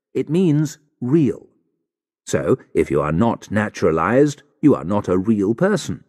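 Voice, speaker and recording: Man narrating with lively intonation. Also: mid-range voice, in a large hall. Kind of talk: scripted audiobook narration for English learners.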